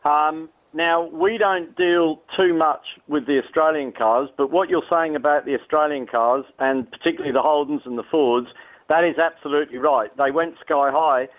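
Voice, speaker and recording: A man speaking as a guest on a radio show by phone, measured and polite as he explains. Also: fairly high pitch. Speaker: guest expert. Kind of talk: radio interview over the phone. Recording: tinny phone line.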